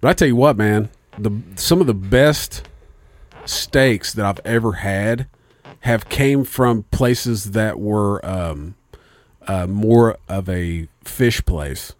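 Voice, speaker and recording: A man's voice: on the low side, slow, dry recording. A man hosting a casual podcast chat, telling stories in a laid-back way, swearing freely and laughing often, on a studio mic with headphones.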